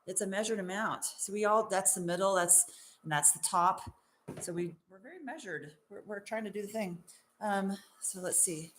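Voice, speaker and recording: An excitable young woman hosts a casual live stream from her marshmallow shop. She chats loosely and mocks herself, breaking into exclamations and laughter. Her voice sits at an ordinary middle pitch, with a faint hiss of noise behind it. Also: normal speed. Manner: excitable and self-mocking, with frequent laughs and exclamations. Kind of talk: casual live-stream chat while working.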